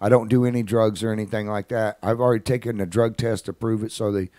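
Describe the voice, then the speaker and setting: A man's voice: fairly low pitch, fairly even intonation, warm tone, no echo, clean studio sound, voice pushed up, lightly acted. A man putting on a panicked, defensive mother. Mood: anxious. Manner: anxious, pleading, rushed. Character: frightened, defensive struggling young mother.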